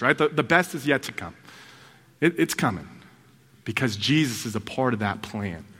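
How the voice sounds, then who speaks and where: A man preaching a sermon as pastor, animated and conversational, with playful asides. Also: a little high, long reverb tail.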